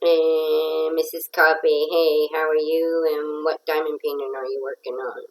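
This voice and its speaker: A woman's voice: low-pitched, flat delivery, unhurried, rough recording. A nasal woman hosting a casual craft livestream, chatting and greeting viewers by name.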